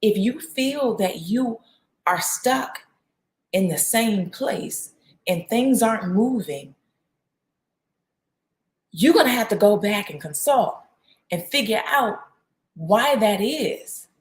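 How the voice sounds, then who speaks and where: A woman's voice: medium pitch, expressive. A woman in her thirties giving a casual devotional talk, chatting and acting out her family's lines. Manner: conversational, acts out her family's lines in quick bursts. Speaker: host of a faith talk show. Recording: roomy echo.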